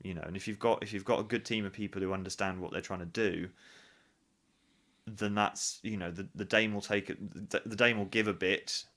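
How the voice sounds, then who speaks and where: A man talking in a fairly low voice with a bright, forceful edge. He chats freely as an interview guest, thinking aloud and often restarting his sentences. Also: steady tone, a little fast. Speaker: guest, pantomime actor. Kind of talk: casual interview chat.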